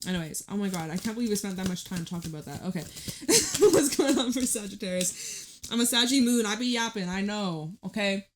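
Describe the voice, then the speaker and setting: A woman's voice: medium pitch, animated, a little fast, a little hiss or hum. A woman giving a casual tarot reading, chatty and emphatic, who swears freely. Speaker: tarot reader.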